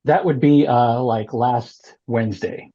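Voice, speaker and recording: A man talking as a guest on a casual podcast, animated, often repeating words and laughing. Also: medium pitch, slow, dull audio. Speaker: congressional candidate, guest.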